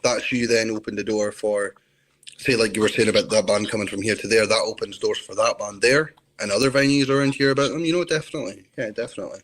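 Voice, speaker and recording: A man's voice: on the low side, fairly even intonation, fast, a bit bright. Chatty Scottish man telling stories. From Scotland. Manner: chatty, rambling storyteller. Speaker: interview guest. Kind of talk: casual chat.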